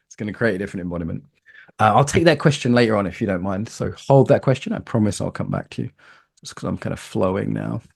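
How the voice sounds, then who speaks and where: Workshop leader, British man, playful and animated, talks to a live room. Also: fairly low pitch, fast talker, gravelly, husky. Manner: lively, animated, playful, asks the room questions. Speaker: embodiment coaching teacher.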